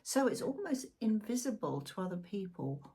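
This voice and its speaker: A woman's voice: mid-range voice, very animated, moderate pace, mellow, slightly rough. A middle-aged woman doing a casual, exuberant weekly tarot reading, chatty and full of asides. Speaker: tarot reader. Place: home room, seated in a squeaky chair.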